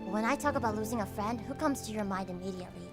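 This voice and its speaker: A young American woman hosts a cozy late-night stream, reading comments aloud; she's playful and sometimes squeals, then turns soft and reflective. Her mid-range voice moves fast over loud music.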